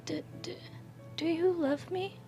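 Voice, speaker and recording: A timid young man who barely speaks, voiced by a woman reading a fan story, stammering and stopping on nearly every phrase. The voice sits high and the delivery comes out slow and careful. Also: steady tone, soft background music. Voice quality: stammering, halting. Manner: soft, hesitant, repeats words. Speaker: guest reader.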